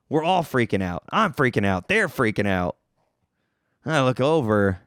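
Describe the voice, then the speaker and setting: A man hosting a podcast, telling a story in a casual, self-mocking way and jumping up in pitch for emphasis. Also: very animated, a little slow, fairly bright tone, dry recording, clean studio sound. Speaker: podcast host.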